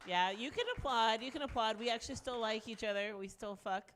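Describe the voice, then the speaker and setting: A woman in her late forties doing a stand-up set, frank and self-mocking, with animated punchlines. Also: a little high, brisk, slight background noise. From Deep South of the US. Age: 40s. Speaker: stand-up comedian.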